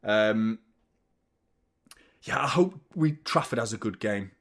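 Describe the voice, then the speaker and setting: A man's voice: fairly low pitch, animated, slow pace, a bit bright. A young adult man, hosting a live football watchalong, chatting casually, reacting to play and thanking viewers by name. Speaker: fan channel host.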